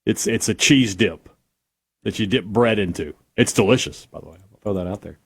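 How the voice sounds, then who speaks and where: A man's voice: on the low side, moderate pace, creaky, breathy edge. A man co-hosting a sports talk radio show, chatting casually in an enthusiastic, teasing way.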